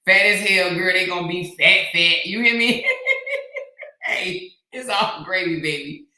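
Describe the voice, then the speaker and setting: Loud, laughing woman host in an echoey room. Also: on the low side, normal speed. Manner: loud, laughing, teasing, swearing. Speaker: commentary channel host. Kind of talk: casual gossip chat reading live comments.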